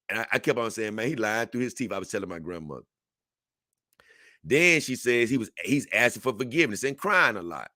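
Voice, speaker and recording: Young guy on a livestream, bright voice, dry close sound, chatty and animated. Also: on the low side, brisk, no room sound. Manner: animated, conversational, reads a text aloud and reacts to it. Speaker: livestream host. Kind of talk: casual livestream commentary.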